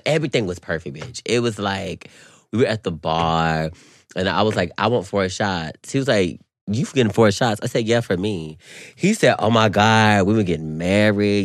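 A young man co-hosting a podcast, telling a story in an animated, slangy, swearing way. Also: lowish voice, no echo, studio quality. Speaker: podcast co-host. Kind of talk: casual chat.

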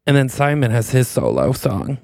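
A woman co-hosting a podcast, chiming in with dry, deadpan quips during improvised comic banter. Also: very deep voice, normal speed, dry recording. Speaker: podcast co-host.

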